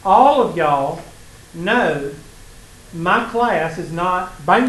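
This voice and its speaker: Teaching a college math class, this Southern US man jokes around and tells his students sarcastic stories in a relaxed lecture. He sounds high, animated and fairly bright, drawing out his words, and the classroom recording is echoey with faint background noise.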